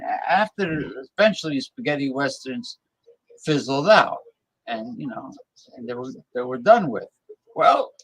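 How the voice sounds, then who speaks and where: A man's voice: a little high, dry recording, rough recording. A man hosting a casual talk show, rambling and sometimes losing his train of thought. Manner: loud playful calls to listeners. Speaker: show host. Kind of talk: casual chat.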